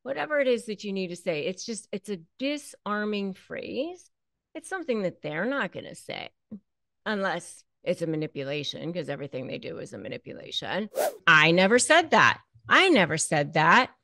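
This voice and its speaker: A woman's voice: medium pitch, expressive, moderate pace, gravelly, no echo. Emphatic woman giving direct advice, dry sound. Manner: emphatic, repeats key phrases. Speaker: attorney and channel host.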